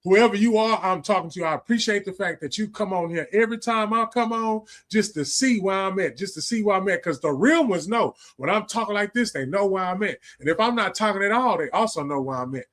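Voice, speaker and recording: A man's voice: sits high, expressive, fairly quick, few pauses, fairly bright tone. A man, hosting a livestream and giving a casual, preachy monologue full of slang, profanity and repetition. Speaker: livestream host.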